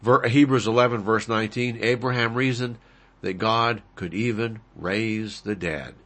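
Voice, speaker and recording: A man's voice: on the low side, steady tone, moderate pace, fairly bright tone. A man preaching a sermon, explaining Bible verses and Greek words with rising emphasis on key lines. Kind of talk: sermon, expository Bible teaching.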